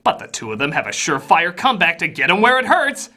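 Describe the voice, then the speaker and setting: Sarcastic man with wildly swinging pitch. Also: wildly swooping pitch, fast talker. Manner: sarcastic, exasperated, bursts into shouting. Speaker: host, film reviewer. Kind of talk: scripted comedic review narration.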